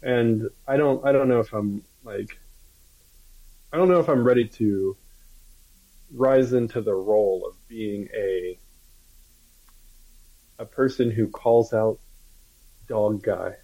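A man's voice: on the low side, slow pace, long pauses, dull audio. A man in casual chat, speaking hesitantly and reflectively.

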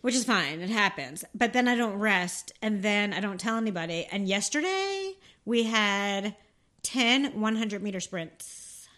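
A woman's voice: mid-range voice, lively intonation, measured pace, fairly bright tone. A woman co-hosting a podcast in casual chat, telling rambling stories, laughing often and swearing freely. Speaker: podcast co-host.

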